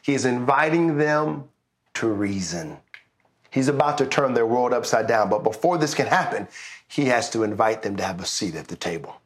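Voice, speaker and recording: A man's voice: mid-range voice, expressive, moderate pace. Man preaching a conversational sermon. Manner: conversational storytelling, rising to exuberant praise. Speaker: pastor. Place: church service streamed online.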